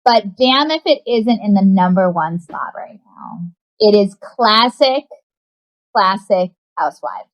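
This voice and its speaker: A woman's voice: medium pitch, expressive, slow pace. A woman guest on a podcast in casual chat, rambling and hesitant.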